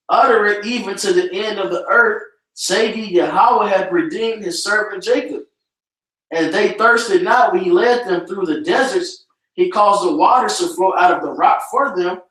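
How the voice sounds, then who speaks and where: High-voiced street preacher, echoey and distant. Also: male voice, unhurried, fairly bright tone. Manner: casual, repeatedly tags lines with "man".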